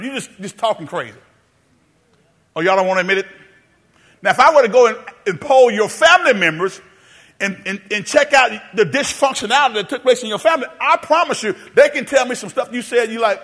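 A male pastor preaching a sermon in a church sanctuary, calling on the congregation to answer back, half-singing some lines and rising to shouts. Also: sits high, animated, a little fast. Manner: call-and-response preaching, sings some phrases, rises to shouts.

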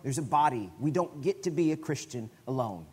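A man preaching a sermon in a conversational way, often restarting his phrases and breaking into sudden loud bursts. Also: medium pitch, lively intonation, fairly quick, husky. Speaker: guest preacher.

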